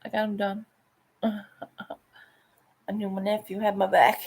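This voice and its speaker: Slow-talking, salty woman vlogger. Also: mid-range voice, flat delivery, a little mellow, husky. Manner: salty, swears freely, laughs often. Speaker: painting vlogger. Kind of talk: casual chat while painting.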